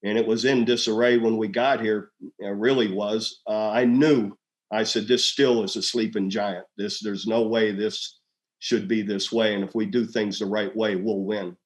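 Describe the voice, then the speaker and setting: A man's voice: on the low side, moderate pace. A man in his sixties, a former head coach, telling stories in a casual interview and acting out quoted dialogue. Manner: animated storyteller, acts out quoted dialogue in a raised voice.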